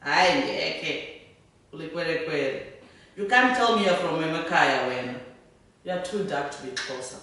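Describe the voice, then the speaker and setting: A woman voicing a brusque male airport immigration officer who talks loudly and bullies. It is a live reading, heard from a distance in an echoey room. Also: deep voice, expressive, moderate pace. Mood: hostile. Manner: loud, bullying, then fawning.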